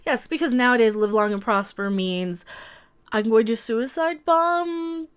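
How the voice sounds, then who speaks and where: A woman's voice: a little high, lively intonation, a little slow, clean tone. A woman commentator reading and mocking an article in a profane, sarcastic rant full of exaggerated exclamations. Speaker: online commentator reacting to an article.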